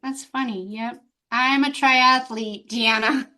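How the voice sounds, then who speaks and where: Open, expressive woman life coach. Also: fairly high pitch, slow pace. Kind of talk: podcast interview.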